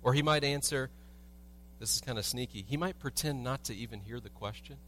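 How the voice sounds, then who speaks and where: A man's voice: mid-range voice, brisk, a bit bright, a little hiss or hum. A man preaching a sermon as a pastor in a church, telling everyday stories with humor and asking the congregation rhetorical questions. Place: church sanctuary.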